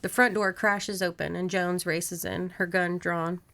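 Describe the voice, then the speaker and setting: A woman podcast host reading a horror novel aloud in steady narration, with casual asides to her co-host. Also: lowish voice, unhurried.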